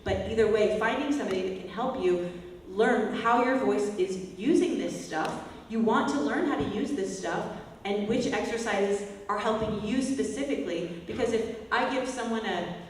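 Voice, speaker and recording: A woman vocal coach teaching a singing workshop, breaking into loud whiny and bratty exercise calls to demonstrate. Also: mid-range voice, moderate pace, a little hiss or hum. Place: large echoey hall, workshop. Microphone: distant from the mic. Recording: echoey hall, voice from far off, faint music.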